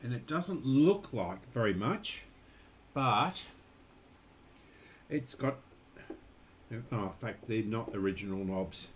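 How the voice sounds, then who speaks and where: A man talks through his collection of old radios in an easy, rambling way, full of fillers and little asides. He speaks slowly at a mid pitch. A faint hiss of noise sits behind his voice. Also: animated. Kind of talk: casual show-and-tell vlog.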